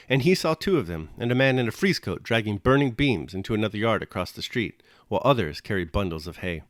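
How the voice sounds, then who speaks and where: A man reading a classic novel aloud in measured, expressive narration, then reflecting on the chapter. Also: on the low side, no room sound, studio quality. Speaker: reader and commentator.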